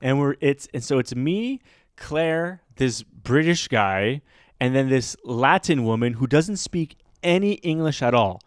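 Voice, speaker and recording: A man tells a story on a podcast, wandering through it with lots of "like" and restarts. His voice sits at a middle pitch. It is recorded dry and close, with no room sound. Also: a little slow, dry recording. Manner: rambling, filler-heavy, animated retelling. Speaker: podcast host. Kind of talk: casual storytelling chat.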